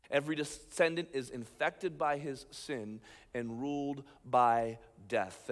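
A man, a pastor, preaching a sermon with animated emphasis, swinging between loud points and quiet asides. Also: medium pitch. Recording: long hall reverb.

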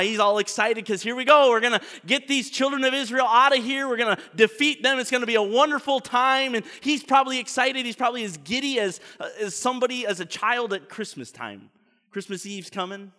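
A man preaching a sermon as the pastor, telling the story in an animated way and tripping over repeated words. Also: high voice, in a large hall.

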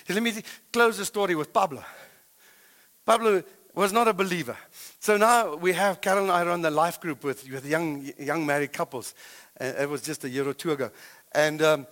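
South african pastor guy preaching, high bright voice, swings loud then hushed telling stories. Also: normal speed, long pauses, big-room sound. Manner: animated storytelling, swings between loud and hushed. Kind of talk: sermon.

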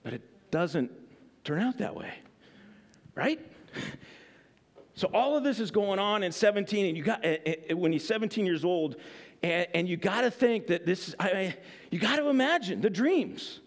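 A man's voice: sits high, animated, moderate pace, long pauses. A man preaching a sermon in a casual, conversational way, full of fillers and frequent "right?" checks. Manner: conversational, filler-heavy, keeps asking "right?". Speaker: pastor.

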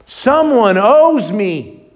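A man's voice: sits high, very animated, drawn-out words, exaggerated voice. A man preacher voicing a resentful, self-righteous older brother from a parable. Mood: indignant. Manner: indignant, complaining.

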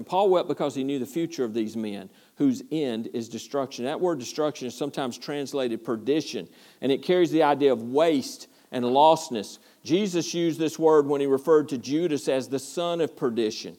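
A man's voice: mid-range voice, normal speed, warm tone. Earnest man preaching a sermon. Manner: earnest, repetitive, stumbling restarts, rising to passion. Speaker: pastor.

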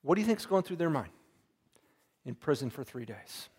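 A man's voice: fairly high pitch, sing-song, normal speed, darkish tone, husky. A man preaching a Bible lesson in a casual, conversational way, retelling scripture in everyday words and asking his listeners questions.

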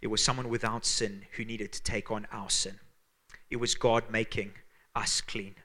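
Earnest Zimbabwean preacher, bright lower voice. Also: male voice, flat delivery, normal speed. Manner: earnest, emphatic preaching with hushed dramatic drops. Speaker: pastor. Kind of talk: sermon.

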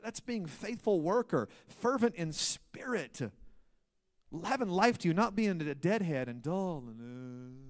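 Animated preaching man with a lilt. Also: sits high. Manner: animated preaching, swings from loud to hushed. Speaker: pastor. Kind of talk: sermon.

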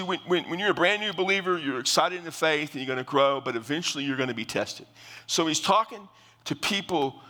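An older male pastor with a bright, forceful voice teaches scripture in a relaxed, conversational sermon. He often restarts his phrases and leans on fillers as he explains. His voice carries with a long reverb, as from a large hall. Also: medium pitch.

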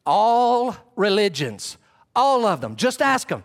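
A man preaching a sermon as pastor, animated and acting out the voices he quotes. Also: high voice, slow pace.

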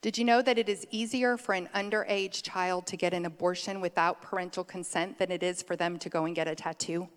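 A middle-aged woman giving a conversational sermon, chatty and quick to laugh, drifting off on tangents. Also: fairly low pitch, fairly even intonation, clear, resonant tone. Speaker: preacher. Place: church sanctuary. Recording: long hall reverb.

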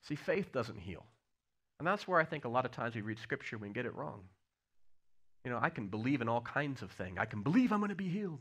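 A man preaching a sermon, telling stories with swings between loud bursts and hushed lines. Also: medium pitch. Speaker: pastor.

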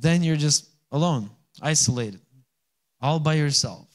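A man's voice: a little high, lively intonation, measured pace. A man, a pastor, preaching a conversational sermon and often checking in with the congregation. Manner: conversational, asks the congregation for responses.

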